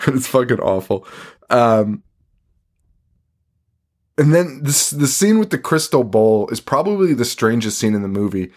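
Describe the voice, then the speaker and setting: A man's voice: medium pitch, very animated, a little slow, long pauses, darkish tone. Guy ranting thru a movie recap on a podcast, cussing a lot, laughing. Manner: profane, laughing, rambling recap with mock quotes. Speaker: podcast co-host. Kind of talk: casual chat recapping a movie.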